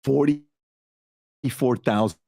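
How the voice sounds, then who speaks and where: A man's voice: mid-range voice, very slow, gravelly, mellow, dry recording. A man on a podcast explaining investment returns, building his point step by step with rhetorical questions.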